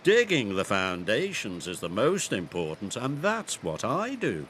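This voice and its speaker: A man voicing a polite, calm male excavator who purrs his words in a storybook. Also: fairly low pitch, unhurried, slight background noise, pitched below the performer's own voice, heavily acted. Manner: polite, purring.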